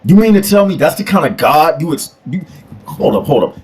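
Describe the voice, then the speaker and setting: A man's voice: fairly high pitch, very animated, fairly quick, a little mellow. A man preaching a mocking rant, firing rhetorical questions one after another. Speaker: religion critic.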